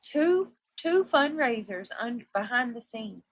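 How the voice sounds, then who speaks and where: A woman's voice: fairly high pitch, very animated, takes it slowly, no echo. Rambling woman in casual chat. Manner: loose, repeats herself, trails off. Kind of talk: casual livestream gossip chat.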